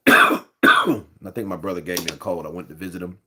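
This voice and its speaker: A man with a somewhat low voice chats his way through a boxing livestream as host. He rambles loosely, leans on fillers and keeps greeting chat viewers by name. He is fighting off a cold. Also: fairly even intonation, normal speed, bright, forceful tone, slight background noise. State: has a cold. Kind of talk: casual livestream commentary.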